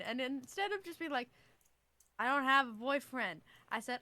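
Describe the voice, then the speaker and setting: A young woman chats on a podcast with a high, bright voice. She swears, laughs and jokes at her own expense, recorded close and dry. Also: unhurried, long pauses, no echo. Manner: swearing, laughing, jokey self-mockery. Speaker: podcast co-host. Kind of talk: casual chat.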